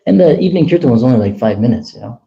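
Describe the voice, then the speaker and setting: A man telling a long personal story at a temple gathering, chatty and animated, acting out the dialogue. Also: medium pitch, rapid-fire, gravelly, highs cut off. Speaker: temple speaker. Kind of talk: casual storytelling talk.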